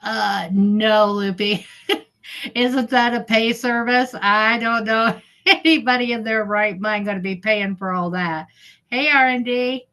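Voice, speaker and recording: A woman's voice: fairly high pitch, fairly even intonation, slow pace, fairly bright tone. A middle-aged woman chatting casually on her livestream, heckling and giggling as she reads viewers' comments. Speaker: livestream host.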